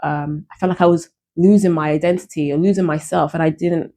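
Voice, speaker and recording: A woman's voice: deep voice, steady tone, brisk, warm tone. A woman singer talking through her experiences in a casual, reflective monologue, earnest and searching, often repeating and restarting her phrases. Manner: earnest, spiritual self-talk. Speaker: singer and vlogger.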